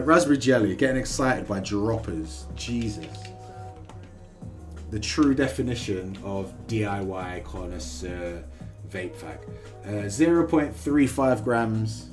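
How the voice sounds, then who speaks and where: Excitable, swearing man. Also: lowish voice, unhurried, soft background music. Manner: chatty, excitable, swears freely. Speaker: live-stream host. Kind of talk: casual live-stream chat. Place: home kitchen.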